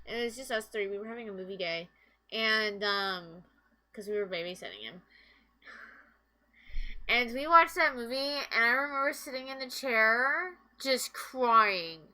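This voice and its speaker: A woman's voice: a little high, bright, forceful tone, poor audio. A young woman streaming a video game, rambling through casual commentary and anecdotes and swearing freely.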